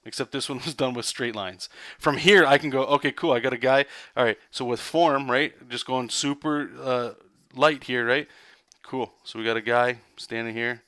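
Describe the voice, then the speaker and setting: A man's voice: mid-range voice, moderate pace, bright, forceful tone, clear, resonant tone, dry recording, studio quality. A man, a comic artist, giving a loose, rambling live drawing lesson. He talks casually, swears, and keeps checking in with "right?" and "okay?".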